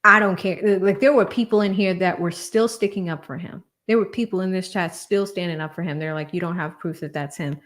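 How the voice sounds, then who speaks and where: Chatty, animated woman livestreamer. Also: mid-range voice, fairly quick, few pauses. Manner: chatty and animated, shouting out donors, laughing often. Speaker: livestream host. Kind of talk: casual livestream commentary.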